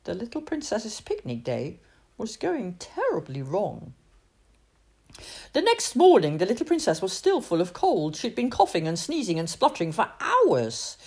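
A woman reading a children's storybook aloud in an expressive, sing-song way. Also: medium pitch, normal speed, creaky, breathy edge.

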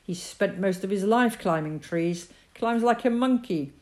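A woman's voice: mid-range voice, unhurried, a little mellow, lightly acted. A woman reading a story aloud, voicing a bossy, blustering middle-aged father who scolds and gives orders. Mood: scolding. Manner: gruff, scolding, confident.

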